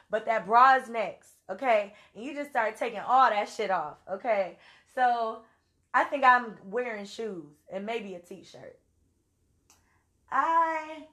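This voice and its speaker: A woman's voice: a little high, a bit bright. A woman from Louisiana with a Louisiana accent, telling a story casually and with salty language while acting out her own quotes. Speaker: vlogger.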